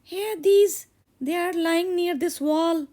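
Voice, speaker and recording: A woman voicing a sweet, eager young daughter, speaking in a high pleading voice. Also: slow, dark tone.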